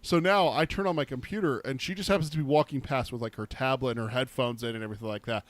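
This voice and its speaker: A man co-hosting a book podcast, telling stories in an animated way, swearing and laughing as he talks. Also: medium pitch, quick pace, dry recording. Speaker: podcast co-host. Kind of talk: casual chat.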